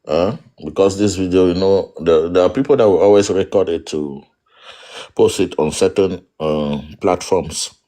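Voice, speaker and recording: Cameroonian man, guest, very deep low voice, emphatic and forceful in his views, Cameroonian English accent. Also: moderate pace. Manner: emphatic, switches into pidgin. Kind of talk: online interview discussion.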